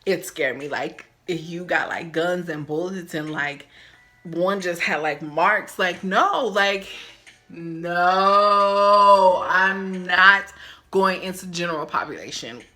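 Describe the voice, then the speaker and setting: A woman vlogger telling a storytime about a stay in jail, animated and acting out the voices of the people she quotes. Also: on the low side, a little slow, faint music behind. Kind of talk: storytime vlog.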